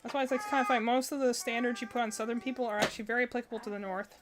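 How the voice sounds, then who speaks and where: A woman's voice: a little high, fairly even intonation, very fast, noisy background. A young woman streaming from home, chatting casually and rambling with lots of fillers and laughs. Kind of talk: casual chat while crocheting. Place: home with barking dogs.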